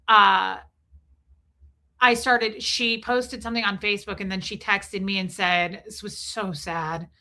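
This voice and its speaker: Female streamer, middle-aged, bright tone, loose and emotional, thanks chat between thoughts. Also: medium pitch, steady tone, a little slow. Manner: rambling and emotional, thanking viewers. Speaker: livestream host. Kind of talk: casual livestream chat.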